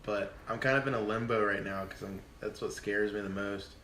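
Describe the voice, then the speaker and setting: Young man, podcast guest, swearing, lively storytelling, echoey room, faint background noise. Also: lowish voice, brisk. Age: 20s. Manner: profane, animated, acts out quotes. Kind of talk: casual storytelling chat.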